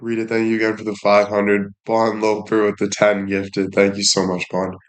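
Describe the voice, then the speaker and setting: A man's voice: lowish voice, monotone, normal speed. A young man chatting casually on a live stream, thanking viewers and joking crudely with plenty of swearing. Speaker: livestreamer.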